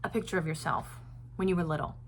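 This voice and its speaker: A woman's voice: low-pitched, fast, a little hiss or hum. Woman host, casual chat to viewers, earnest and rambling, lots of filler words. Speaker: self-help video host.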